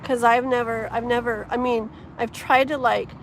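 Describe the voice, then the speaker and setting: A woman's voice: a little high, fairly even intonation, moderate pace, a little hiss or hum. Gushing woman chatting outdoors on a livestream. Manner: effusive, gushing, many fillers. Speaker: tarot livestream host. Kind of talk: casual live-stream chat reading comments. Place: outdoors, wind and passing traffic.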